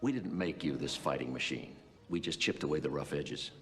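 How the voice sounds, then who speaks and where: A man's voice: a bass voice, lively intonation. An actor playing a stern older man who solemnly tells a legend, heard in a film clip. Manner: slow, solemn storytelling. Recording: distant film audio with long reverb and music.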